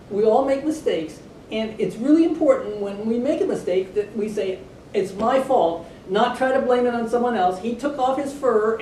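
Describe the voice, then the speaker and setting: A woman reading a picture book aloud to children, chatty and animated, stopping for asides to the kids. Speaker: storybook reader for children. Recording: echoey room, distant mic, low rumble.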